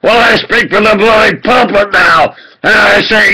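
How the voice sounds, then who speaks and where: Posing as a self-styled preacher, a man unleashes an impassioned political rant, shifting from low muttering to shouted outbursts and repeating himself for emphasis. He speaks unhurriedly with barely any pauses, his voice slightly rough, in a low-quality recording.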